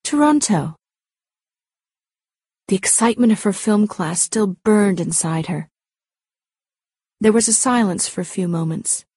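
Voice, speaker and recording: A woman narrating a story aloud in a clear, measured storytelling manner. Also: medium pitch, darkish tone, no room sound, studio quality. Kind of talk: scripted audiobook narration.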